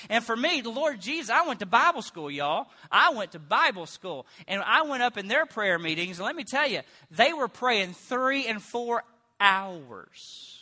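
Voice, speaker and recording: Male pastor, middle-aged, very bright tone, storytelling sermon with loud comic bursts. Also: high-pitched. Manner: animated, comic storytelling with sudden loud bursts and mock prayer voices.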